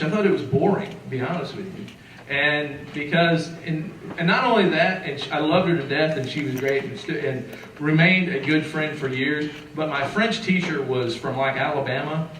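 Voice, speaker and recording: A middle-aged man from southeastern Illinois telling a story to a live audience, acting out the quotes in a lively, folksy way. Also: on the high side, noisy background. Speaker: musician and folklorist. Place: lecture hall. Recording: echoey hall recorded from far off.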